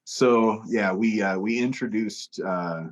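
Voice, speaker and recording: A man telling a story in casual chat, animated, jumping into a higher voice for quoted lines. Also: slow. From United States. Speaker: podcast guest, touring musician.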